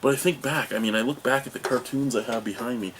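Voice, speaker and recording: A man in his thirties reviews beer in a casual video from a home room with cartoon toys behind him. He talks fast at a medium pitch, rambling in a jokey, self-mocking way, and the background is noisy.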